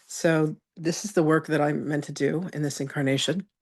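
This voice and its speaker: A woman's voice: sits low, fairly even intonation, moderate pace. A woman teaching a live online spiritual masterclass, telling chatty stories and greeting attendees by name.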